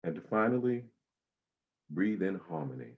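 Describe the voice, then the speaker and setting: A man leading a guided breathing meditation, speaking slowly and soothingly with long pauses. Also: fairly low pitch, animated, creaky, slightly rough, phone-quality sound.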